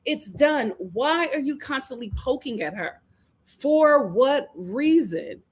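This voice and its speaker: A woman hosting a live reality TV review in casual chat, animated, laughing and acting out what the cast said. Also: high-pitched, takes it slowly, slightly rough. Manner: animated, acts out cast members' lines, laughs often. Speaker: reality TV recap host.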